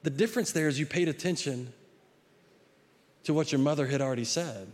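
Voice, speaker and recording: Middle-aged male pastor, conversational sermon delivery, a little higher-pitched than most men, with repeats and restarts. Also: a little fast, a little mellow. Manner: conversational preaching with frequent repeated words and restarts; acts out a child's pleading voice in quotes.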